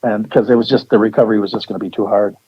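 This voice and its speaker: On lo-fi, muffled radio audio, a man appearing as a psychic talks very fast in a lowish, steady, husky voice. His story rambles, he restarts sentences, and he acts out the quotes.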